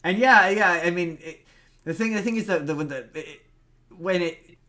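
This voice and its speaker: A podcast co-host with a high, bright, forceful voice talks at normal speed over a remote call. His casual movie chat wanders, packed with fillers and restarts.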